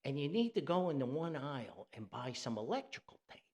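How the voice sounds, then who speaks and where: A man voicing his gruff, confident father, a backyard mechanic giving blunt orders. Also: medium pitch, sing-song, fairly quick, darkish tone, close to an everyday voice. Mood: bossy. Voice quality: blunt, bossy.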